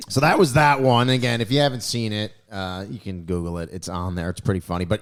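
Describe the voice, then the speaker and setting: A man's voice: fairly low pitch, fairly even intonation, a little fast. A man co-hosting a podcast, chatting casually and telling stories in a laid-back, chuckling way. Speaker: podcast co-host. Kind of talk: casual chat.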